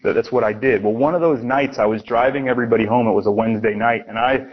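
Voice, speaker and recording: A man's voice: mid-range voice, fast, highs cut off. A man from Miami preaching a sermon, telling personal stories in a casual, conversational way with frequent restarts. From Miami, USA.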